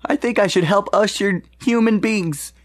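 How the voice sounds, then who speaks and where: A man's voice: high-pitched, normal speed. A man playing a character in a tabletop role-playing game, with a playful, cheeky manner. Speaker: player.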